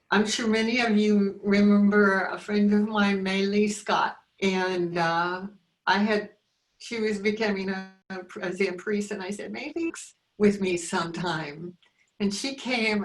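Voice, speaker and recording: A woman in her sixties sharing heartfelt memories over a video call, earnest and halting, often emotional. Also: medium pitch. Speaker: reunion guest. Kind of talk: heartfelt reminiscence.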